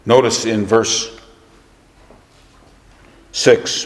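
A man's voice: on the low side, fairly even intonation, slow pace, pauses often. Preacher man in an echoey hall. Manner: swings from soft confiding storytelling to rising emphatic preaching. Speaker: pastor. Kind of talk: sermon.

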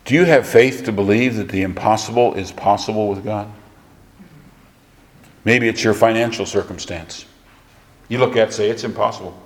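A man's voice: on the low side, normal speed. Preacher man in an echoey hall. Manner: swings from soft confiding storytelling to rising emphatic preaching. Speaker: pastor. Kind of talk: sermon.

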